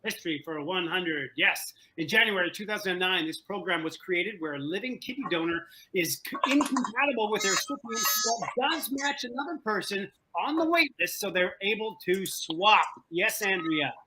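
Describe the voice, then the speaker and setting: A man hosting an online trivia game over a video call, animated and joking, often repeating himself. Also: sits high, normal speed, hardly any pauses, slight background noise, poor audio. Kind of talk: playful game-show hosting. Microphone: video call from home.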